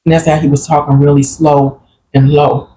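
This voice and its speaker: Woman guest, plain-spoken and earnest, recounting family memories; deep voice with faint hiss behind. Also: flat delivery, normal speed, warm tone, rough recording. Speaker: guest sharing a grief story. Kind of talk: personal storytelling in a group conversation.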